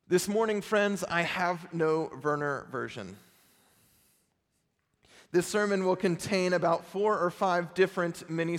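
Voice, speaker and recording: Sex: male. Role: pastor preaching a conversational sermon. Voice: high. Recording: long sanctuary reverb. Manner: conversational, self-deprecating storytelling.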